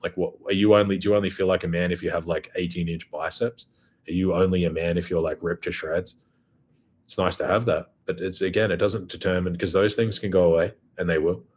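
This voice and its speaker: Blunt, low-voiced, husky man. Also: steady tone, a little fast. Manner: blunt and profane. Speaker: host. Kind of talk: casual monologue.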